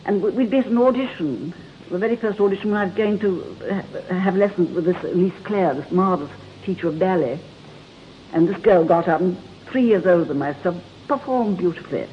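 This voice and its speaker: Briskly and in a voice on the low side, an older Englishwoman tells stories as a talk show guest, laughing often in her chatty manner. Her voice comes through a dull, lo-fi broadcast with a faint hiss.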